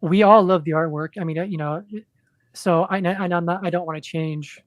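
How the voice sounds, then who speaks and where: A woman who creates comics, a guest in casual podcast chat, speaking hesitantly with many pauses. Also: on the low side, fairly even intonation, no room sound. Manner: hesitant, lots of fillers and restarts.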